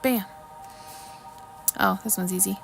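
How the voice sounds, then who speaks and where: A woman hosts a laid-back livestream while she crafts, chatting with viewers, reading out trivia questions and apologizing a lot, sometimes with her mouth full of chocolate. Her voice is medium-pitched with vocal fry, and she speaks slowly and steadily. Music plays underneath, and the recording quality is rough.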